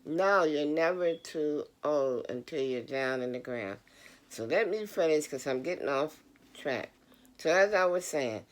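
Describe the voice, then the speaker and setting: A woman's voice: low-pitched, lively intonation, a little slow. A middle-aged woman vlogger giving a casual, earnest motivational talk straight to her viewers. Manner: earnest, preachy, addresses the audience directly.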